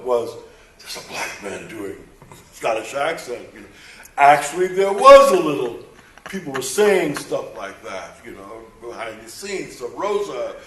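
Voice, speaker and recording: A man's voice: mid-range voice, distant mic. Older man telling stories in an echoey hall. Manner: animated, acts out quoted dialogue, rambling restarts. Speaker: voice actor on a convention panel. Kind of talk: anecdotal storytelling to a live audience. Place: convention panel room. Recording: echoey convention hall, picked up from afar.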